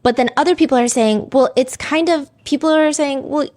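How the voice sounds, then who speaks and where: A woman's voice: sits high, a little fast, a little mellow. A woman hosting a true crime show in a casual, chatty way, reading song lyrics and comments aloud with many "like" fillers.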